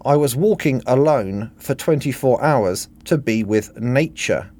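A man's voice: mid-range voice, expressive, unhurried, a little mellow. A man voicing an earnest, humble young clerk in a satirical reading.

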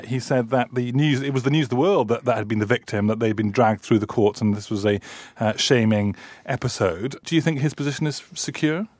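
A man's voice: mid-range voice, a little mellow, dry recording. A man hosting a radio talk show, who steers the discussion with a wry manner and laughs often.

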